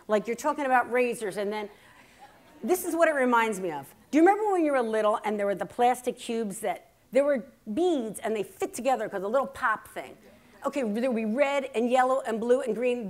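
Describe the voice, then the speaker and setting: A woman in her fifties giving a humorous keynote talk, telling family stories and acting out the quotes. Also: a little high. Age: 50s. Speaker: keynote speaker. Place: conference hall before a live audience.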